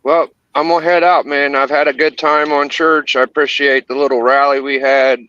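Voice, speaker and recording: A man's voice: mid-range voice, flat delivery, moderate pace, sharp tone, clean tone, dry recording, lo-fi sound. An easygoing man saying goodbye in a casual chat.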